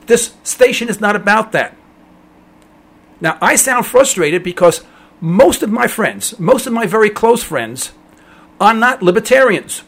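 Emphatic husky-voiced male radio host. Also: high-pitched, sing-song, unhurried, fairly bright tone. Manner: emphatic, rambling, mocks callers in a dopey voice. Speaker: radio talk show host.

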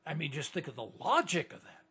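An older man delivers an indignant, rambling monologue to listeners, stumbling and restarting his sentences. His high voice leaps around a lot and has a husky, gravelly texture. He's very animated, talking quickly in a sharp tone.

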